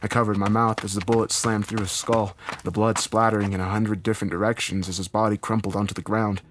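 A man narrating a first-person horror story in a somber, measured storytelling manner. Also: lowish voice, flat delivery, background noise.

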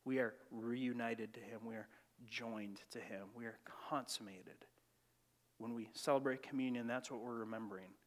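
A man preaching a sermon, reading scripture with rising emphasis and then dropping into quiet reflection, in a church sanctuary. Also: mid-range voice, fairly even intonation, moderate pace. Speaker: pastor. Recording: long church reverb.

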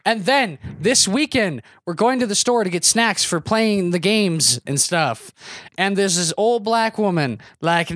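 A young man co-hosting a podcast, telling stories in an animated, swearing, laughing way. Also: high-pitched, dry recording, studio quality. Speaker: podcast co-host. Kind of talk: casual podcast chat.

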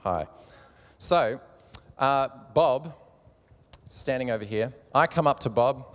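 In a mid-range voice, a man preaches slowly with long pauses to a live audience in a large room at a church gathering. He jokes as he goes, coughs slightly, and draws the audience in, all under long hall reverb.

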